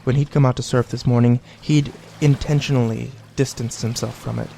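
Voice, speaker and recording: A man narrating an audiobook in a measured, even storytelling manner. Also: mid-range voice, vocal fry, faint music behind.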